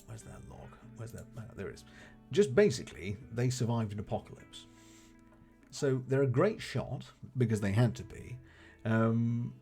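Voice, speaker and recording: A man's creaky, somewhat mellow mid-range voice accompanies his gameplay as he streams live. He's chatty and genial, saying hello to viewers and exclaiming things like "goodness gracious."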